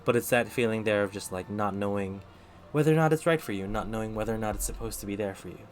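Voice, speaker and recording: Low-voiced guy doing tarot on stream, rambly, lots of ums, bit of hiss behind. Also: fast. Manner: chatty, thinks aloud with many fillers and restarts; talks to chat between readings. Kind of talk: casual live-stream tarot reading.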